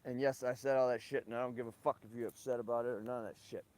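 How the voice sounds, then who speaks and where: A man's voice: mid-range voice, steady tone, very fast, darkish tone. Man ranting profanely on a livestream. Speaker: livestream host. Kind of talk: rambling live-stream monologue.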